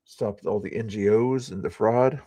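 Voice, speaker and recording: A man's voice: fairly low pitch, normal speed, warm tone, no room sound. A man hosting a casual news commentary stream, talking loosely with many fillers and restarts. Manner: rambling, lots of fillers and restarts. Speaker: stream host.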